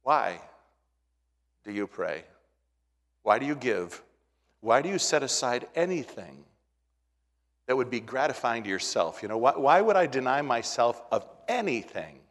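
A man's voice: medium pitch, sing-song, unhurried, long pauses. Male pastor preaching in a reverberant hall. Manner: swings from hushed to loud emphatic, repeats words. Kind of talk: sermon. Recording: long reverb of a large hall.

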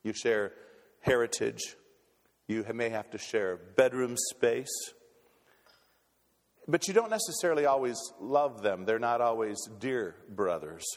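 A man's voice: medium pitch, animated, measured pace, pauses often. A man preaching a sermon as pastor, folksy and stumbling on repeated words as he restarts. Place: church sanctuary. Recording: long reverb in a church hall.

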